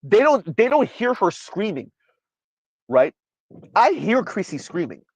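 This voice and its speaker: Man, emphatic stream commentary, fairly high voice, dry close sound. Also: very animated, measured pace, slightly rough, no room sound, rough recording. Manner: emphatic, repeats "right?" often. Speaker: commentary channel host. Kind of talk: livestream commentary reading chat.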